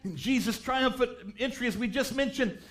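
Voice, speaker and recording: A man preaching a revival sermon in church, reading scripture aloud and rising fervently into shouts on key phrases. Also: extremely high pitch, moderate pace. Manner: reads scripture aloud in old-style wording.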